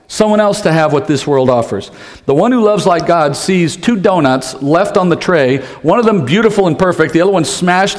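A pastor preaching a conversational sermon, tossing in rhetorical questions and light jokes. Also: male voice, fairly high pitch. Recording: long hall reverb.

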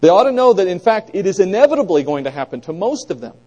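A middle-aged man teaching a conversational Bible lesson, asking his listeners questions and pressing points with animated emphasis. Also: high-pitched, fast talker, muffled recording.

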